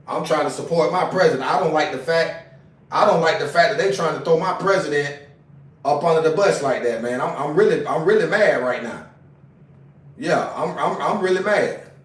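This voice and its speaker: On a casual livestream, a man talks in an agitated, profane way and keeps repeating himself. His voice is fairly high and at normal speed, but he's away from the mic, so the sound is distant and roomy.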